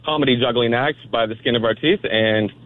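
A man calling in to a radio show, telling a story in an easygoing, halting way with lots of fillers. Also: medium pitch, no room sound. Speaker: caller. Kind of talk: phone call to a radio show. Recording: tinny phone line.

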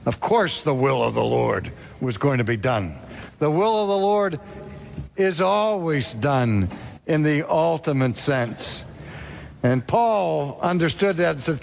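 A man's voice: animated, slow pace, gravelly, a little hiss or hum. A middle-aged man preaching a sermon, dramatic, acting out the voices he quotes. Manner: dramatic, acts out quoted voices with wide pitch swings.

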